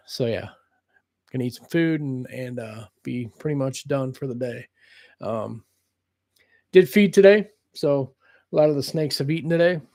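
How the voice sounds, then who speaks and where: Guy livestreaming from his room at home, slow easygoing talk, a bit of gravel in his voice, rambles a lot. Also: a little high, dry recording. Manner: rambling, chats to his cat in a soft voice. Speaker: snake breeder livestreaming. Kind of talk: casual livestream chat.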